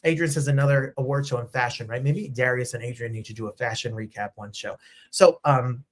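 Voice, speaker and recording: A man hosting a show in casual chat, excitable and chatty, jumping from topic to topic. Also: mid-range voice, brisk. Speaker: host. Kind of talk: casual live-stream chat.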